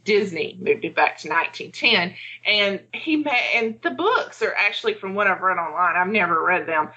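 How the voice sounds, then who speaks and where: A chatty woman co-hosts a casual podcast, with lots of fillers, and acts out her own thoughts as she talks. Her voice is bright and crisp, and the recording sounds a little dull. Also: mid-range voice, animated, moderate pace. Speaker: podcast co-host.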